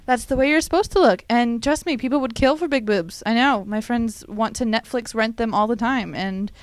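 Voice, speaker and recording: A woman's voice: fairly high pitch, normal speed, no room sound. Emphatic woman, dry close sound. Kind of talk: casual chat.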